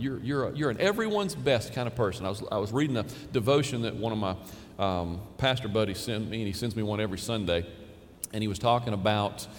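A male pastor delivers a sermon from a large sanctuary, his voice trailing into a long hall reverb over a faint hum of room noise. He talks to the congregation in a casual, emphatic way, repeating key phrases for stress. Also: medium pitch.

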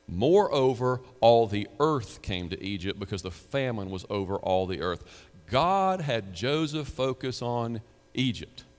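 A man's voice: on the low side, big-room sound. A middle-aged man, a pastor, preaching a sermon in a conversational way, asking the listeners questions and breaking off into asides.

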